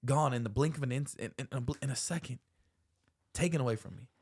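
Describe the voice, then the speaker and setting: A man's voice: mid-range voice, quick pace, husky. Young man, podcast host, earnest, heartfelt storytelling, casual slang. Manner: earnest, slangy, says bro and man often. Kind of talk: emotional personal storytelling.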